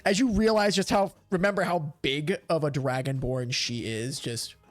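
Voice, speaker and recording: A man narrating as game master of a tabletop game, animated and rambling. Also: fairly high pitch, moderate pace, dry recording.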